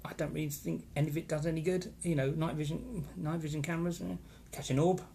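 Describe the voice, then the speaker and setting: A man's voice: on the high side, steady tone, quick pace, vocal fry, warm tone, a little hiss or hum. A man hosting a casual live stream, chatting with opinions and greeting viewers by name as he reads their comments. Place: holiday location in Florida.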